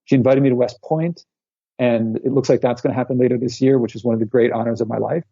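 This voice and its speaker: A man in his forties, an author appearing as an interview guest, tells animated stories and acts out what people said. His medium-pitched voice is fast, creaky, and slightly rough, with no room sound, coming through dull, lo-fi audio on a remote call line.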